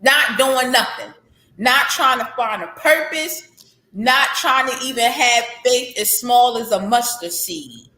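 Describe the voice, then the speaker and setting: A woman's voice: on the high side, expressive, slow pace, bright, forceful tone. A woman in her thirties, an author guest, speaking candidly and heartfelt about faith and healing, repeating phrases for emphasis. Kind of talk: candid interview conversation. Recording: echoey room.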